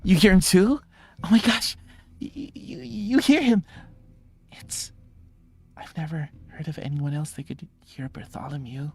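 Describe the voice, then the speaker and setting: A man voicing a timid, crouching oddball who talks to an unseen friend, in a hushed, stammering, breathy voice. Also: on the high side, a little slow, pauses often, pitched above the performer's own voice, full character voice. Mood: nervous excitement. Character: tiny timid male oddball who hears an invisible friend.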